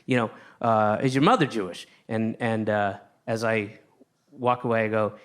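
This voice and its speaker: A man doing a stand-up routine, telling a rambling story with lots of restarts and sudden shouted outbursts. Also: fairly low pitch, steady tone, moderate pace. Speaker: stand-up comedian. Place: comedy stage with a live audience.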